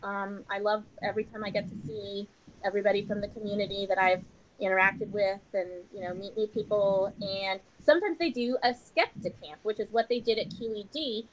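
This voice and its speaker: A woman's voice: medium pitch, steady tone, fairly quick, slight background noise, low-quality recording. Chatty woman podcast guest. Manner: chatty and rambling, with many fillers and laughs. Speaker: podcast guest and comedy show host. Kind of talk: casual interview chat.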